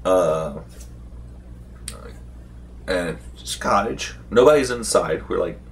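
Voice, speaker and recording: A vlogger recaps a tabletop role-playing session in a casual, rambling way, meandering through the story with fillers and restarts. His voice sits low and expressive, moving slowly with vocal fry, and there's slight background noise.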